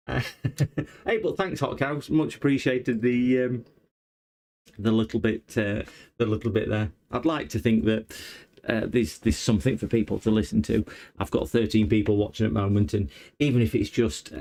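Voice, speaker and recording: A man's voice: medium pitch, moderate pace, a little mellow. A man chatting casually on a repair livestream, rambling and hesitant with many fillers. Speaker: electronics repair streamer.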